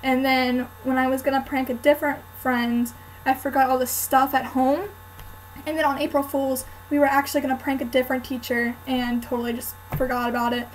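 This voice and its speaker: Young woman vlogging, high voice, chatty and rambly with lots of likes and ums. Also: level tone, fairly quick, slight background noise, poor audio. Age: student. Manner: chatty, storytelling with filler "um" and "like". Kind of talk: casual chat to camera.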